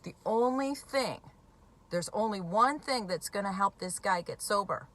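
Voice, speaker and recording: A woman's voice: mid-range voice, lively intonation, measured pace, fairly bright tone. A woman in recovery from alcoholism talking bluntly and emphatically to camera, swearing freely. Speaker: recovering alcoholic speaking on addiction. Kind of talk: direct-to-camera talk.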